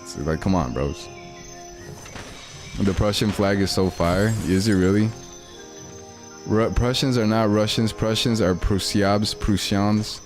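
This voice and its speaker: A man's voice: fairly low pitch, measured pace, pauses often, soft background music. A young man, chatting casually and rambling in slang while livestreaming a game. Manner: slangy, rambling, laid-back. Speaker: streamer.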